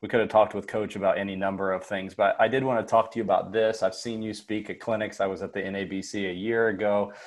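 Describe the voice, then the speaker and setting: A man hosting a basketball coaching podcast, setting up his questions with steady, organized lead-ins. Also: fairly low pitch, fast, hardly any pauses. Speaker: podcast host. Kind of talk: interview questions.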